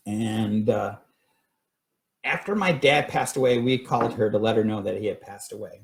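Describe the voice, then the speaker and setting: A middle-aged man telling his paranormal stories casually on a live stream, rambling with many fillers and restarts. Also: medium pitch. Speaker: paranormal investigator sharing stories.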